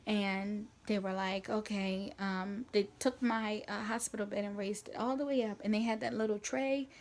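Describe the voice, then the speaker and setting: A woman vlogger telling a personal story in a chatty, animated way, with lots of fillers. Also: mid-range voice, moderate pace. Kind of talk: storytime vlog.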